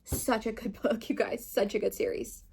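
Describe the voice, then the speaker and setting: An enthusiastic young woman talks through her month of reading in a relaxed, chatty way, gushing over favorites. Her voice sits a little higher than most. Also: moderate pace, creaky, husky. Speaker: booktube host. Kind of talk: casual reading wrap-up chat.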